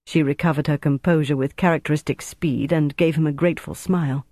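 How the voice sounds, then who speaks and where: A man narrating a thriller audiobook in a steady, measured way. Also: a little high, no room sound, clean studio sound.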